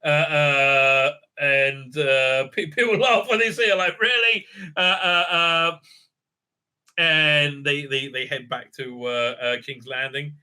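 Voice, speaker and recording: This TV show reviewer has a slightly high, clear, resonant voice that sounds pushed and bright, with a steady tone and slow pace. He gives a casual, spoiler-filled recap of an episode, rambling with heavy fillers, often asking "right?" and breaking into enthusiastic praise.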